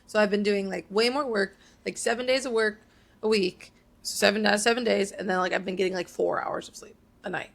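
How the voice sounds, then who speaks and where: A woman's voice: mid-range voice, fairly even intonation, brisk, creaky. A woman in her late twenties co-hosting a podcast, chatting casually and rambling through stories with lots of fillers. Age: late 20s. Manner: rambling, filler-heavy storytelling. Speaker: podcast co-host. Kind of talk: casual chat.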